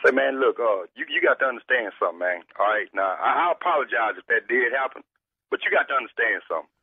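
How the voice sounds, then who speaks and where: A man's voice: medium pitch, lively intonation, fast talker, slightly rough. An older man, a repairman arguing on the phone in a defensive, drawling, indignant way. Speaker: air conditioner repairman. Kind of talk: phone argument. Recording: tinny phone line.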